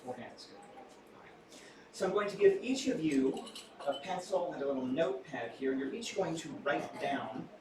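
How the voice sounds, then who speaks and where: A man's voice: fairly high pitch, animated, normal speed. Man, stage mentalist, playful theatrical patter, captured from a distance, live room chatter behind. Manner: playful, theatrical, jokey asides to the crowd. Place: small restaurant venue with live audience. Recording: echoey room, far from mic, audience noise.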